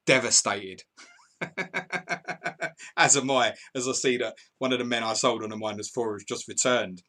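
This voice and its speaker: Chatty bright-voiced male stream host. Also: mid-range voice, unhurried. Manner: chatty, banters with viewers, laughs often. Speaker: podcast host. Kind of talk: live stream commentary reading chat.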